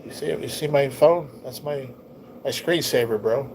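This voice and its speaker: Hosting a casual livestream, a man chats in an easygoing, rambling way and reads viewer comments aloud. His medium-pitched voice is a little mellow and moves at a moderate pace, though his nose is stuffy and he sounds tired. The low-quality recording carries slight background noise.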